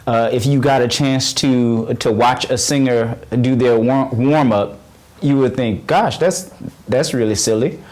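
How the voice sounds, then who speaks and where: A man teaching a beginner's voice lesson, patiently guiding breathing and warm-up exercises and encouraging often, with frequent halting restarts. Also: medium pitch. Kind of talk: on-camera voice lesson.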